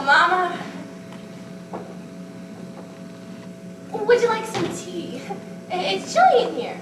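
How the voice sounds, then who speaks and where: A woman on a school stage playing a fragile, childlike grown daughter who pleads emotionally with a voice that keeps breaking, taken from a distant, echoey stage recording with clear hiss. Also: extremely high pitch. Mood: timid. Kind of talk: amateur stage acting.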